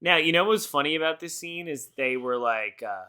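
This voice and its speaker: A tipsy podcast co-host gives rambling, profane movie commentary in casual chat and laughs often. His fairly high voice is lively, a little fast, pushed and bright, with a clear, resonant tone.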